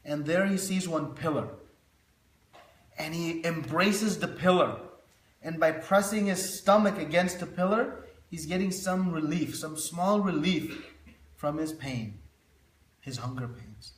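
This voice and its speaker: A man leads a devotional scripture class, teaching through stories. His voice is high and his pace is unhurried. A roomy echo hangs around him. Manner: storytelling, illustrative.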